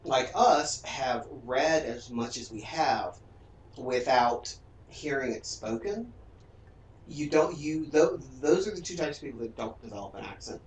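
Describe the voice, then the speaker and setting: A chatty man from Central Virginia who tells stories and jokes while he streams a game with friends. His voice sits in a middle pitch. He is heard from a distance in an echoing room with a faint hum behind. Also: animated, measured pace. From Central Virginia, USA. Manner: chatty, storytelling, joking. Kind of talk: casual chat during a game stream.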